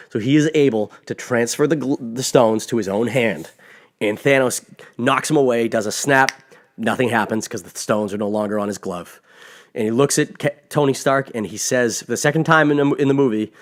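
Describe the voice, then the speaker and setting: A man hosting a podcast, recapping a film in an excited, gushing, rambling way, swearing freely and often restarting his sentences. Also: medium pitch, a little fast. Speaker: podcast host. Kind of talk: casual spoiler movie review.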